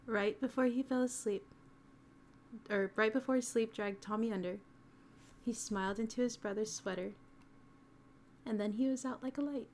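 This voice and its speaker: A woman's voice: on the high side, normal speed, pauses often, a little mellow, slight background noise. A young woman streamer reading a fan story aloud and chatting, giggly and emotional. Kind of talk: casual chat and reading fan fiction aloud.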